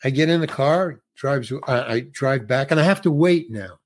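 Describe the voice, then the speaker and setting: A man's voice: medium pitch, normal speed, a little hiss or hum. A middle-aged actor telling a story from a film set in casual conversation, acting out the other people's lines as he goes. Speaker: actor guest. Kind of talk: conversational anecdote.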